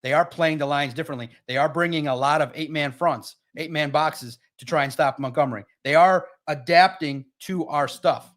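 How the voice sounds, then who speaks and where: A man's voice: a little high, normal speed, hardly any pauses, fairly bright tone. A man hosting a live sports stream, talking casually and with energy straight to his chat viewers. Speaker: sports livestream host.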